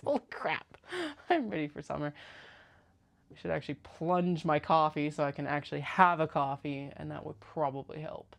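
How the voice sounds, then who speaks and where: Low, gravelly woman chatting. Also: moderate pace. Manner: chatty, mutters to herself and her cats. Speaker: sewing vlogger. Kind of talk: casual chat while working. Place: basement sewing room. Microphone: clip-on mic.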